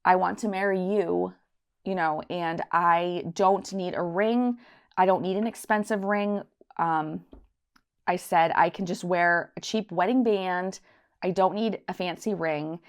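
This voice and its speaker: A woman's voice: on the low side, fairly even intonation, measured pace. Chatty woman host telling a rambling story. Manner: chatty, rambling, acts out voices in her anecdotes. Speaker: budgeting channel host. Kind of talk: casual story time to camera.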